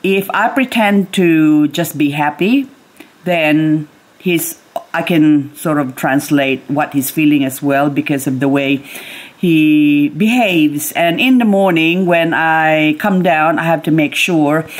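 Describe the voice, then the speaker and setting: A middle-aged woman chatting casually at home in a soft, slow way, now and then baby-talking to her pet bird. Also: low voice. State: grieving, recently teary. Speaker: gardening vlogger. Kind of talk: casual chat to camera. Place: home, indoors.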